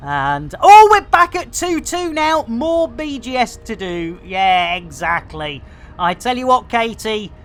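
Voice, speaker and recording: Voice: medium pitch, big pitch swings, takes it slowly, a bit bright, soft background music. A streamer, chatting boisterously and cracking jokes while playing a space game. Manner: boisterous, jokey, rambling.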